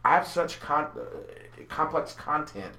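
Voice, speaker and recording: A man chatting casually on a podcast as host and business owner, an animated storyteller who stammers and repeats words. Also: on the high side, measured pace. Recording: roomy echo.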